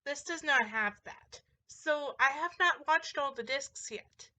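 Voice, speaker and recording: A woman's voice: high-pitched, a little slow, sharp tone. A young woman chatting casually in a vlog, rambling with lots of fillers and little laughs as she talks. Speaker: vlogger showing a movie collection. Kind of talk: casual chat.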